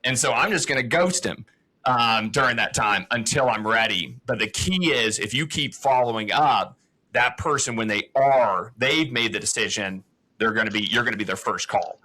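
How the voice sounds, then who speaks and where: A man's voice: mid-range voice, moderate pace, bright, forceful tone, poor audio. A man co-hosting a podcast, giving encouraging coaching advice in an easy explaining way. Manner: encouraging, explains with "it's like" and "uh" fillers. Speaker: podcast co-host.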